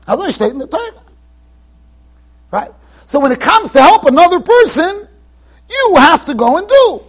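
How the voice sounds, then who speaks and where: A rabbi teaching a Torah class in a yeshiva, animated and emphatic, acting out the people he quotes with sudden loud bursts and quiet asides. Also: very high-pitched, normal speed. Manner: swings between emphatic and quiet, trailing-off asides. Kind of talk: Torah lecture to students. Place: yeshiva study hall.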